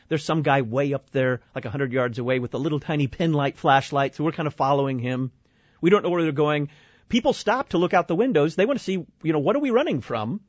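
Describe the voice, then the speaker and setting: A man from Illinois tells a story in an animated, exasperated way, and his voice sits a little high. He jumps into other people's voices as he retells it. The recording is dry and a bit dull, like a small studio. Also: no echo. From Illinois, USA. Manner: lively, exasperated, acts out quoted voices. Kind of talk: animated personal anecdote.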